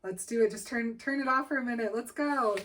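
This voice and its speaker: A woman's voice: on the high side, a little fast, a bit bright, lightly acted. Woman doing a joking, carefree young male vampire, brawny, distant mic. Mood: teasing. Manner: teasing, carefree.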